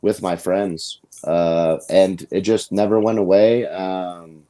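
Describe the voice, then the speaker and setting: Low, mellow, laid-back male guest. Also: fairly even intonation, takes it slowly. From Colorado. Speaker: guest, grappling coach. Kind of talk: casual podcast chat.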